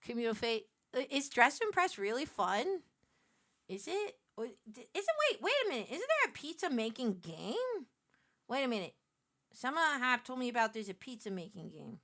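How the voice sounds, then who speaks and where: A woman with a New York accent, chatting casually with her stream viewers, animated and quick to laugh. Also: fairly high pitch. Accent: New York City. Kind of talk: casual live-stream chat while picking a game.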